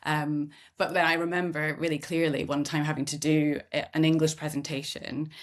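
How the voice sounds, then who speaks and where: A middle-aged woman from Scotland hosts a conversational podcast in a low voice. She talks candidly and thoughtfully, with self-deprecating humour, in a relaxed, reflective way. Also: normal speed. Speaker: podcast host.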